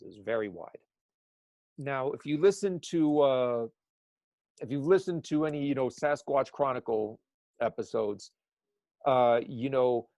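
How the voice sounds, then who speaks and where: A man's voice: mid-range voice, vocal fry, darkish tone, dry recording. A man who works as an eyewitness sketch artist, talking in a casual podcast conversation and rambling with many restarts.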